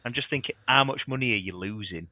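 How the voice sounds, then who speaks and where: A man's voice: medium pitch, fast talker, bright, forceful tone, dry recording, highs cut off. A man co-hosting a casual football fan chat, telling rambling anecdotes full of ums and acted-out quotes. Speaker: podcast co-host.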